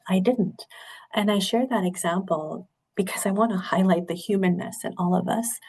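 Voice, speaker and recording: A middle-aged woman speaks in a low, gravelly register while she presents a webinar. Her voice has a husky edge, and she talks in an earnest, candid way. She sounds like she is on a video call. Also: darkish tone. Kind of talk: webinar talk.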